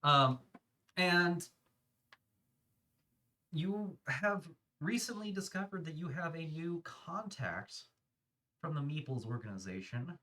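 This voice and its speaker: A man's voice: high voice, bright, forceful tone. A man narrating a tabletop role-playing game as game master, talking loosely with many fillers and laughs. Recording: voice a little far from the mic.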